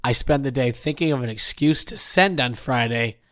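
A man's voice: mid-range voice, normal speed, a bit bright, dry recording, studio quality. Rambling, self-deprecating man. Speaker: podcast co-host. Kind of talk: casual chat.

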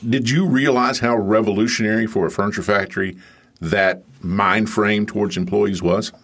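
A male podcast host with a fairly low voice asks his guest measured, appreciative questions. He speaks calmly and deliberately. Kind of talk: interview questions.

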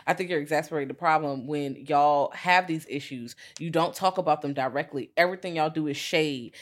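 Animated woman podcaster reviewing a film. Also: a little fast. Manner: animated, swings into high voices for quotes. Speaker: podcast co-host. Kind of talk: casual film review chat.

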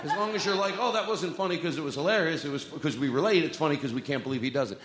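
Background noise runs under this clip of a man performing stand-up in a comedy club. His voice is a little high and rapid-fire as he rambles, curses, and mocks himself while joking with the audience. The room is echoey, with a long reverb.

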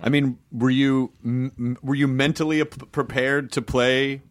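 A man's voice: medium pitch, level tone, a little slow. A man hosting a casual interview, asking playful, teasing questions. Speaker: interview host.

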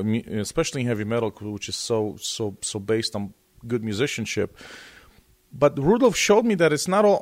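A man being interviewed as a guest guitarist, telling a story in a lively, casual way, often repeating and restarting words. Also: mid-range voice.

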